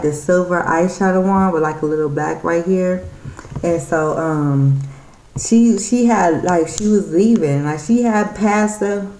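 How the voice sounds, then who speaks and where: A woman's voice: on the low side, a little mellow. Irritated woman rambling in an echoey room. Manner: rambling, irritated, full of fillers and restarts. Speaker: vlogger. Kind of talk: casual storytelling vlog.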